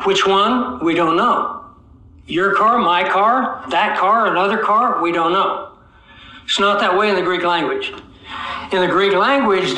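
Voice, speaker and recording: A man preaching an expository sermon, teaching his congregation, asking them questions and slowing down to stretch key words for emphasis. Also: high voice, bright, forceful tone. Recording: echoey room.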